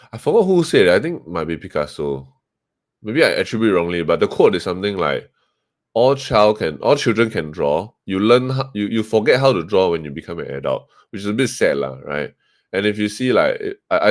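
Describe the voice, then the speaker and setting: Low-voiced Singaporean man, rambling chat. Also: no echo, clean studio sound. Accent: Singaporean English. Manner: chatty, rambling, frequent fillers and restarts. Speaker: podcast guest, webcomic co-founder. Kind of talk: casual interview talk.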